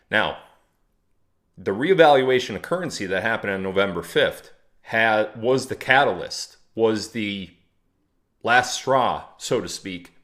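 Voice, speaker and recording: Guy doing a livestream, lowish voice, chatty and a bit mocking, reads out the chat. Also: a bit bright. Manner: chatty, mocking, reads viewer comments aloud. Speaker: livestream host. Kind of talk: casual livestream talk to chat.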